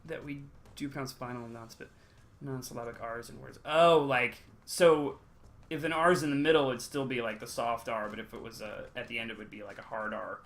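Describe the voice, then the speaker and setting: A man's voice: mid-range voice, fairly even intonation, normal speed, fairly bright tone, a little hiss or hum. A young man chatting casually on a game stream, rambling with many ums and uhs. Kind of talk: casual chat while gaming, reading chat.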